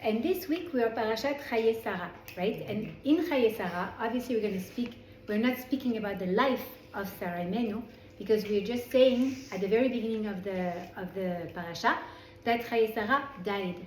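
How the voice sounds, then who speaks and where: A woman's voice: a little high, moderate pace, darkish tone, a little hiss or hum. French-accented woman teaching a class. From France. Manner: chatty, self-correcting, with frequent restarts. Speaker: Torah teacher. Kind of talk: informal class lecture. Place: indoor class room with a small group. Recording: roomy echo in a class room.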